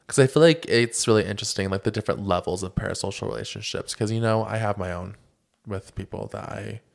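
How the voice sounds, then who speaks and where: A man's voice: on the low side, quick pace, gravelly. A young man in his twenties co-hosting a podcast, chatting casually with opinions and many fillers. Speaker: podcast co-host. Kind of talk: casual chat.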